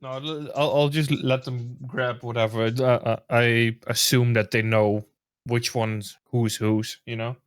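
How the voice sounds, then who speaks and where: A man plays a tabletop game casually, stumbling and restarting as he hunts for the right word. His voice is mid-pitched and recorded dry and close. He keeps a loose, chatty flow. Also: level tone, no room sound. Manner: rambling, halting, searching for words. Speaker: player.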